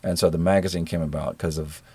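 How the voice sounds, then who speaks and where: A middle-aged man with a generic American accent, a guest in a relaxed interview, telling stories in an easygoing, self-deprecating way. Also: sits low, quick pace, breathy edge, no room sound. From rural Georgia, American South. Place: living in New Zealand.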